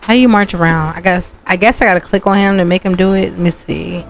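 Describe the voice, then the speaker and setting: A woman with a low-pitched voice chats casually as she plays through a life-sim game, cursing freely and talking straight to her viewers. Faint game music runs underneath her commentary. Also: fairly even intonation, brisk, gravelly. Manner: chatty, profane, talks to viewers as "y'all". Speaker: gaming channel host.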